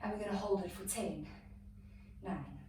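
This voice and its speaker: Guiding an abs routine drawn from yoga, this woman calls out counts and breaths between gasps, cheering her listeners on. She speaks at a moderate pace with medium pitch and a dark tone; the mic is far off in an echoey room, with slight background noise.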